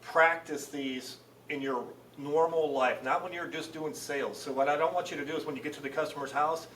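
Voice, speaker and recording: Middle-aged male CEO guest, rapid animated storyteller, voice distant and roomy. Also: fairly high pitch, slight background noise. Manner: animated storyteller acting out dialogue. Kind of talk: casual podcast conversation. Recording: roomy, distant mic with faint ambience.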